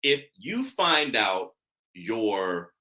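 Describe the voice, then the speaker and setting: A man hosting a casual podcast, animated, calling his listeners family and laughing easily. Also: on the low side, drawn-out words. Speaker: podcast host.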